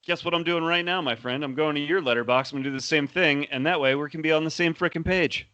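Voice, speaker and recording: A man co-hosting a podcast from home in casual chat, quick, enthusiastic and self-deprecating. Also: on the high side, bright, forceful tone, clean tone, no echo, lo-fi sound. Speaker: podcast co-host.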